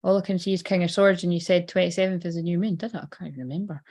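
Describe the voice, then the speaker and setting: A woman's voice: lowish voice, steady tone, very fast, darkish tone. A Scottish woman giving a casual live tarot reading, chatty and swearing freely. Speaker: psychic tarot reader.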